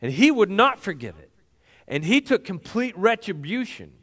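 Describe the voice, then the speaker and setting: A man's voice: sits high, big pitch swings, moderate pace, a bit bright. A middle-aged male pastor preaching a sermon in a conversational, folksy way, with lots of fillers and restarts.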